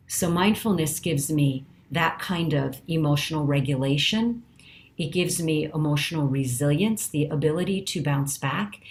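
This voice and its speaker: A middle-aged woman teaching mindfulness, speaking in a calm, earnest, measured way with slow deliberate pauses. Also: deep voice. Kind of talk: teaching talk.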